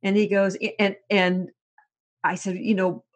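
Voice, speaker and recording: A woman sports reporter chatting casually and telling animated stories, laughing often and repeating words as she goes. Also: mid-range voice, a little slow.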